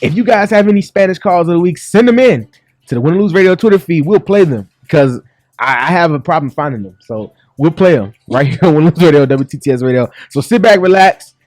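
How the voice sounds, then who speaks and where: A man's voice: on the high side, lively intonation, fast talker, a little mellow, no room sound. A man hosting a sports talk show, joking and chatty, in a studio. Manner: upbeat, joking, laughs often. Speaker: sports radio host.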